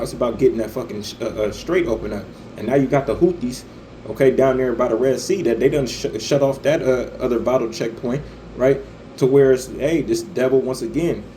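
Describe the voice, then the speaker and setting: A man's voice: medium pitch, warm tone, slight background noise, rough recording. A man delivering a profane religious-political rant, stammering often and tagging his lines with "man" and "right". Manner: stammering, repeats "man" and "right", swears freely. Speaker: online commentator.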